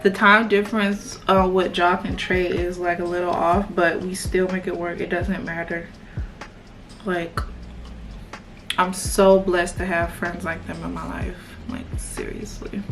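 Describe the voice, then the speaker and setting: A woman's voice: lowish voice, little pitch movement, a little slow, music in the background. A woman, chatting casually and rambling with lots of fillers while she does her makeup. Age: 20s. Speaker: beauty vlogger.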